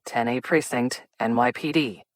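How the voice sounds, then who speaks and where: A woman's voice: a bass voice, no echo, voice pushed down. A woman voicing a composed, wryly amused male police detective in an audiobook. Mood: measured. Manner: measured and dry.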